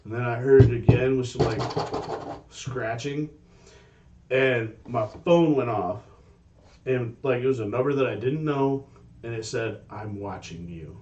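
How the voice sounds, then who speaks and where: A man co-hosting a casual podcast, telling stories in an animated way and swearing freely. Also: medium pitch, a little slow, pauses often, recorded from a distance, highs cut off, slight background noise. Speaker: podcast co-host. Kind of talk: casual chat.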